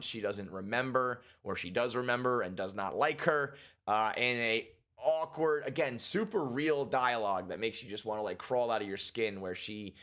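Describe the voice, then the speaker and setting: A man giving a casual reaction and breakdown of a TV episode, animated and swearing freely, acting out characters' lines in quick voices. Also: mid-range voice. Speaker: TV show reviewer.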